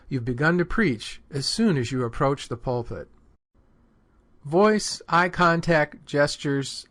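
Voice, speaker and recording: A man reads a lesson on sermon delivery in a measured, deliberate way. His voice sits a little above the usual male pitch. The tone is clear and instructive. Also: a bit bright. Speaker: homiletics teacher. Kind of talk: scripted instructional narration.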